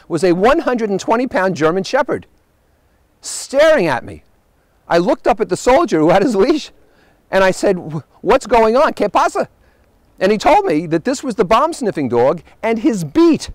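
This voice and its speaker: Male host, high animated voice, wry anecdotal travel monologue, dry close sound. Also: dry recording. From United States. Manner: animated storyteller, wry punchlines.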